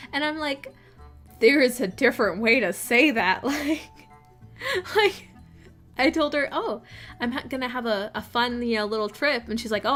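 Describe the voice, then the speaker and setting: A woman's voice: fairly high pitch, fairly bright tone. Giggly young woman gushing casually. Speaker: game builder vlogger. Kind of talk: casual chat over a build. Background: faint background music.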